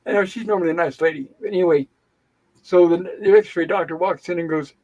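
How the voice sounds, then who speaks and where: A high-pitched man hosting an open-mic livestream. He tells his story in an animated, indignant way, venting as he goes, in a loose conversational style. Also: fast talker, dull audio. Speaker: livestream host. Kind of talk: casual storytelling chat. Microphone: home livestream setup.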